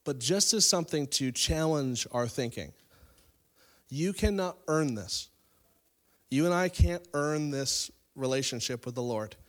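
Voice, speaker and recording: In this sermon a man retells a scripture story conversationally, his delivery rising to loud, stressed lines and dropping to quiet moments. His pitch is on the high side, his intonation lively, and he takes his time.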